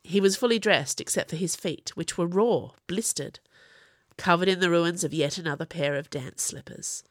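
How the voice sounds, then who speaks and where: A woman narrating an audiobook in an expressive reading voice. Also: lowish voice, moderate pace, dry recording, clean studio sound.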